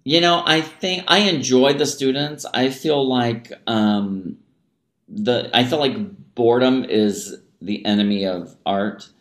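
A man's voice: on the low side, reverberant. A man, a music teacher, talking casually in an interview and scattering "like" and "you know" through his speech. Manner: casual and chatty, many "like" and "you know" fillers. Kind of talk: relaxed interview talk.

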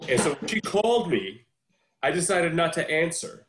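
Guy in his 40s telling a story, kinda higher voice, lively, roomy echo. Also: normal speed, slight background noise. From New York. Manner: animated storyteller, shifting pace. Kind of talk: casual storytelling chat.

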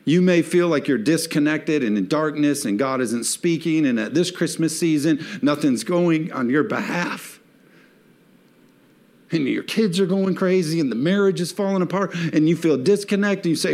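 A man's voice: a little high, animated, moderate pace, a little mellow. A man preaching a sermon in a church, reading scripture and rising to emphatic peaks as he calls on the congregation to respond. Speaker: pastor.

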